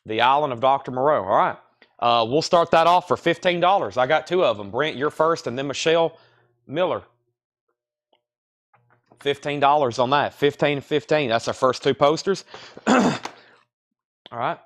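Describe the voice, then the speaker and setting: A man's voice: mid-range voice, animated, moderate pace, long pauses, a bit bright. A man hosting a live sale, rambling casually and joking at his own expense. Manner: rambling, self-deprecating, chatty while eating. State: coughing, throat choked. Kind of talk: casual livestream chat.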